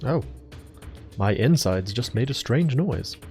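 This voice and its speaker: A man's voice: medium pitch, animated, slow, darkish tone. A man casually commenting on a video game as he plays, rambling, joking and self-deprecating. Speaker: let's play host. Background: faint game music.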